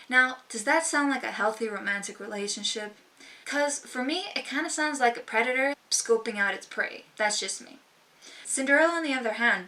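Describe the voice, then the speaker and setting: This young woman's casual talk to camera comes in a high-leaning, pushed, bright voice. She's sassy and emphatic as a vlogger, though the recording places her slightly away from the microphone.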